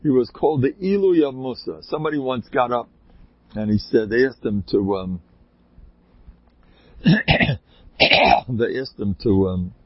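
A man's voice: mid-range voice, unhurried, pauses often, dry recording, muffled recording. A man telling rambling anecdotes in a casual way, with sudden emphatic bursts.

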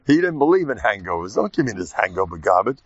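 A man giving an informal, joking Torah talk to his class, lively and animated. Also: lowish voice, fast, slightly rough, no echo. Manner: animated, jokey, mixes Yiddish and Hebrew terms. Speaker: rabbi teaching a class. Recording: dull dry lo-fi sound.

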